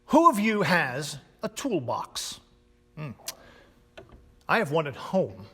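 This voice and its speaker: Lively male preacher in an echoing church. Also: fairly high pitch, breathy edge. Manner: emphatic, with dramatic pauses and swings in loudness. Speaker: pastor. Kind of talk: sermon. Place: church sanctuary. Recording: long church reverb.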